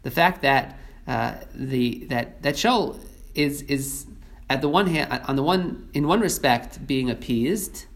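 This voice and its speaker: A man's voice: mid-range voice, expressive, slow pace, a bit bright. Earnest man teaching a Bible lesson. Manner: earnest, thoughtful, many restarts and fillers. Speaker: Torah teacher.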